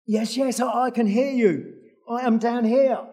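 A preacher voicing a panicked man hanging from a cliff branch, pleading in raised, desperate shouts. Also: sits high, animated, extremely slow, pitched above the performer's own voice, exaggerated voice.

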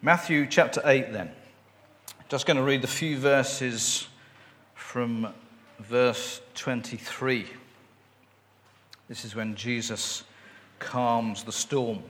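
Male preacher, slow delivery, mid pitch, long church-hall reverb, relaxed asides. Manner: unhurried, with fillers and asides. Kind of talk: sermon with scripture reading.

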